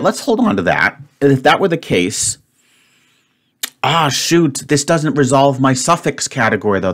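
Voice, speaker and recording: A man solving a word puzzle out loud, thinking aloud and muttering to himself. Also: medium pitch. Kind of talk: solo puzzle-solving commentary.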